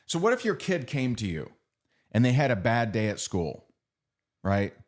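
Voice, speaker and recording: A man's voice: mid-range voice, very animated, normal speed. A middle-aged man giving a motivational training talk. He speaks conversationally, repeats phrases and keeps asking his audience "right?".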